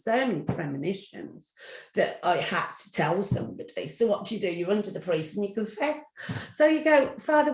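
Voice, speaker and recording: A woman's voice: on the low side, a little mellow. A middle-aged woman, telling stories as a guest in an interview and acting out the voices in her anecdotes. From English Midlands. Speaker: guest psychic medium. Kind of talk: storytelling in an interview. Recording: roomy echo.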